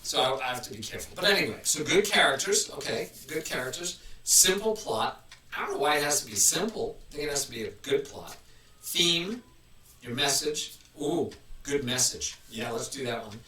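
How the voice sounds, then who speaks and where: A man's voice: mid-range voice, animated, normal speed, sharp tone. A man hosting a casual live stream, chatting in a rambling way and restarting his sentences often. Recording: roomy, mic at a distance.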